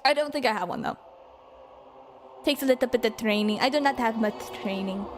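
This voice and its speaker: A woman's voice: a little high, fairly quick, background noise. A woman streamer reacting to a game, emotional and swearing, laughing often. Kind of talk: gameplay reaction commentary. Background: game music.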